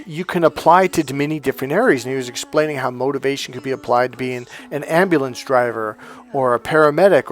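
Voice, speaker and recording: A man telling a personal story as a motivational coach, animated and swearing freely, acting out quoted dialogue loudly. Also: mid-range voice. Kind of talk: casual storytelling monologue.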